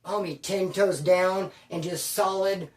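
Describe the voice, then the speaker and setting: A man's voice: sits high, unhurried, recorded from a distance. A man spins a casual, profane story, jumping into other people's voices as he goes. His voice bounces around a roomy space. He sounds a fair way back from the mic. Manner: animated, quoting others, slangy. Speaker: storyteller recounting prison life. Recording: roomy, voice from afar.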